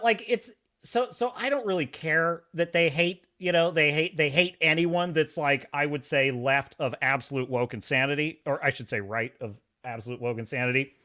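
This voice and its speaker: A man's voice: fairly high pitch, bright, forceful tone. A middle-aged man hosting a live stream, ranting with opinionated commentary and mocking impressions. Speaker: podcast host.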